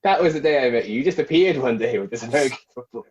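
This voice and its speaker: A man's voice: mid-range voice, expressive, rapid-fire, a little mellow, muffled recording, slight background noise. A man from the English Midlands, a guest on a podcast, reminiscing in a rambling, giggly way. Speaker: guest graphic designer. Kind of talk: casual podcast chat.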